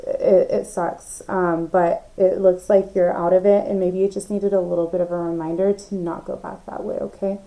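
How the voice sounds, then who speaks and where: A woman's voice: fairly low pitch, flat delivery, normal speed, few pauses, dark tone, rough recording. A young woman giving a casual, emphatic tarot reading, talking straight to her viewers with lots of fillers and the odd swear word. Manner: chatty and emphatic, many fillers, swears, addresses viewers directly. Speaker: tarot reader.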